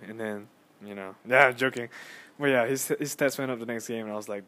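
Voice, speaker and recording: A young man hosting a casual solo podcast on his phone, rambling and excitable as he tells a story with lots of fillers and restarts. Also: mid-range voice, a little fast, few pauses. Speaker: podcast host.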